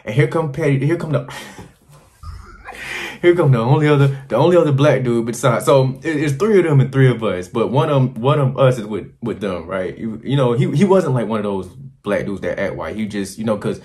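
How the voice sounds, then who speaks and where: A man vlogging to camera, telling crude, rambling stories in an animated, casual way. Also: mid-range voice, normal speed. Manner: animated, crude and rambling, slipping into quoted voices. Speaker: travel vlogger.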